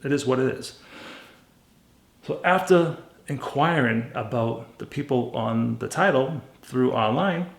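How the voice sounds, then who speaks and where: A man with a gravelly, rough-edged voice tells a story casually and bluntly, acting out conversations as he goes. The sound is roomy, with a clear echo around him. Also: mid-range voice, a little slow. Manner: blunt, animated retelling with quoted dialogue. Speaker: car flipper vlogger.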